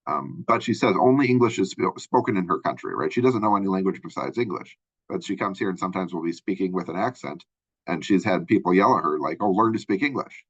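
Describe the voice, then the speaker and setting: A middle-aged man lectures to his class in a loose, conversational way, filling pauses with "um" and checking in with "right?". His voice sits very low with a husky edge. The recording is dry and dull, like a lo-fi close mic. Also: expressive, no echo. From Minnesota. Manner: casual, rambling, many fillers and tag questions. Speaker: college instructor.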